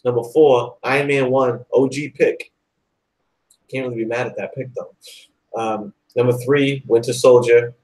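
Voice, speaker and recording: A man hosting a live online talk show, chatting excitedly and rambling, with lots of "like" and "dude". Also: medium pitch, a little slow, low-quality recording. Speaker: host. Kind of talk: casual chat.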